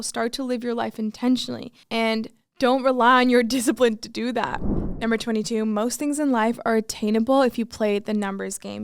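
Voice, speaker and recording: A woman's voice: on the high side, creaky, smooth, no echo, studio quality. A woman in her twenties giving earnest, casual life advice to camera, full of "like" fillers. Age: 20s. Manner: earnest, filler-heavy with many "like"s. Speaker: vlogger.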